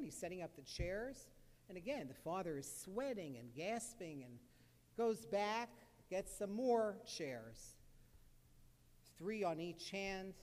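A man's voice: high voice, darkish tone. Man telling a story in an echoey hall. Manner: earnest, repetitive, many fillers. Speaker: psychologist giving a talk. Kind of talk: storytelling lecture.

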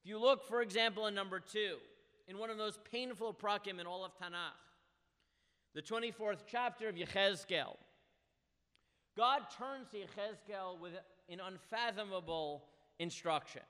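A man's voice: sits high, moderate pace, pushed and bright. Earnest lecturing man in a reverberant hall. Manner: reads Hebrew verses and translates them aloud; earnest, emphatic explanation. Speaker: Torah teacher. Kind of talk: text study lecture.

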